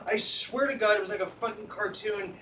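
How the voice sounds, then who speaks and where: High, bright-voiced man laughing through a story. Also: a little fast. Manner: laughs constantly, swears, acts out screams. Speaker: storyteller guest. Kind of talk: casual comedic storytelling. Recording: distant mic with faint background noise.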